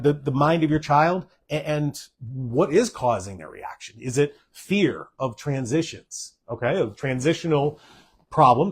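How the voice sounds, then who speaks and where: A man's voice: medium pitch, husky. A middle-aged man, a doctor hosting a live stream, talking earnestly to parents and checking in often with "okay?" and "all right?". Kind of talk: live-streamed health talk.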